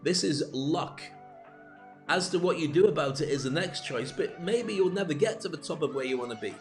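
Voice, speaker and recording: A man's voice: on the high side, expressive, moderate pace, faint music behind. A middle-aged man hosting a live self-help show, giving a candid motivational monologue with stories and numbered points.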